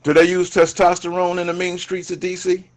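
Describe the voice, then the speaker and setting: A man's voice: high voice, completely flat delivery, brisk. A man in a casual debate chat, brash and boastful, swearing constantly.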